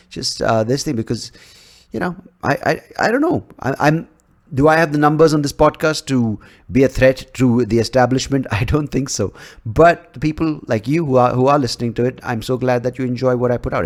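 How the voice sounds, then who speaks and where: A man hosting his own podcast, talking casually in a rambling, profane way, often restarting and sharply raising his pitch for emphasis. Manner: animated, jumps in pitch to stress points. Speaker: podcast host. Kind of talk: casual solo podcast monologue.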